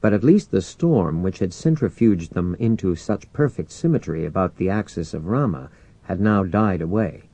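A man reading an audiobook as narrator in a measured, expressive way. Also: lowish voice, no room sound. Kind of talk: scripted narration.

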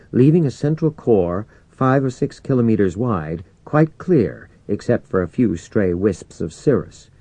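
A man narrating a novel in a low, mellow voice, with lively rises and falls in pitch. His measured, expressive reading is recorded close and dry, with no room sound. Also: no room sound. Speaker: audiobook narrator. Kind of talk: scripted narration.

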